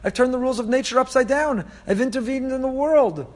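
A man's voice: sits high, sing-song, normal speed. A man voicing God, exasperated and scolding a people who will not trust him, with emphatic rhetorical questions.

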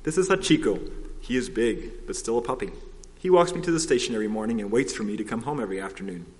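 A man voicing a kindly older professor in a storybook, speaking gently and reassuringly. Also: mid-range voice, animated, fast talker, close to an everyday voice. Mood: gentle. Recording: long hall reverb.

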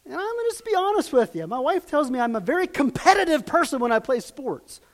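A man delivers a sermon in a high voice. He swings from loud, emphatic peaks to hushed, quiet passages. He acts out quoted lines and puts questions to his listeners. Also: sing-song, fast talker. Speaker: preacher.

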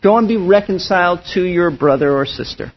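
Pastor, male, high and husky voice, earnest emphatic sermon delivery, dull lo-fi recording. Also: a little fast. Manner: earnest and emphatic, with frequent restarts. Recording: dull lo-fi sound.

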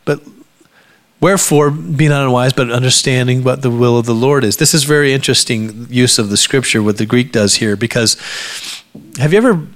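Man preaching a lively sermon. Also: mid-range voice, fairly quick. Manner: animated, jokey preaching that swings between loud outbursts and hushed asides. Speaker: pastor. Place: church sanctuary before a congregation.

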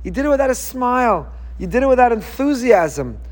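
A man, a rabbi, giving an emphatic and animated Torah lecture. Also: very high voice, fairly quick. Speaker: rabbi teaching a class.

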